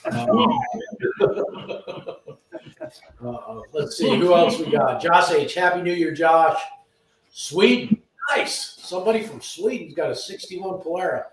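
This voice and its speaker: A man's voice: high voice, huge pitch swings, slow, pauses often. A man hosting a casual live stream from his garage shop, reading viewer names aloud in an easygoing way. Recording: echoey shop from far off.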